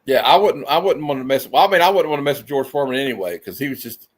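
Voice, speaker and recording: A man hosting a casual movie chat, animated and quick to laugh. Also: mid-range voice. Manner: animated, quick to laugh, slips into silly impressions. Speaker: host of a movie discussion show. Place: home setup on a video stream.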